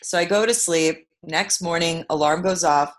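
A woman from Brooklyn, New York, telling a personal story as an interview guest, shifting from loud emphasis to hushed asides. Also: on the low side, moderate pace. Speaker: guest, author.

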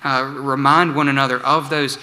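A man preaching a sermon as pastor, earnest, slowing for emphatic pleas. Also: mid-range voice, flat delivery, bright, forceful tone. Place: church sanctuary. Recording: church sanctuary with long reverb.

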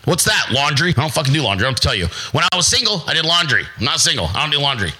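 A man's voice: fairly high pitch, very animated, rapid-fire, sharp tone, husky, poor audio. A man hosting a show, delivering a blunt, crude, confrontational rant. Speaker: host. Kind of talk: profane ranting monologue.

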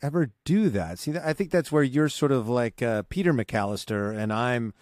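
A man from Southern California co-hosting a casual podcast, playful and animated as he tells stories. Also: mid-range voice, normal speed, no echo, clean studio sound. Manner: playful, animated storytelling with acted-out quotes. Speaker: podcast co-host. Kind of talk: casual chat.

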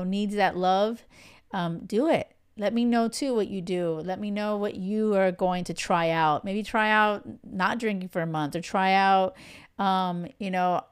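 Young woman host, smooth clear voice, casual heartfelt monologue with lots of "like" and "you know". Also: medium pitch. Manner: chatty, many fillers, heartfelt and candid. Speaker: podcast host.

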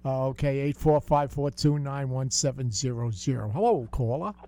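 A man's voice: mid-range voice, steady tone, moderate pace, dark tone. An older man hosting a call-in radio show, chatty and full of corny jokes. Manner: joking, chatty, folksy.

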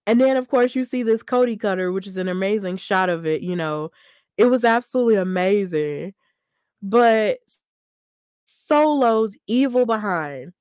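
A woman's voice: mid-range voice, no echo, studio quality. Emphatic woman podcast host. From Alabama. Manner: animated, emphatic and repetitive, venting frustration. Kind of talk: casual wrestling podcast chat.

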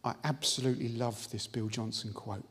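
A man gives an earnest, exhorting sermon in a slightly husky, breathy voice at a mid pitch. His words ring out with a long reverb, as they would across a church hall on a live stream. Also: steady tone, moderate pace, fairly bright tone. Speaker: preacher.

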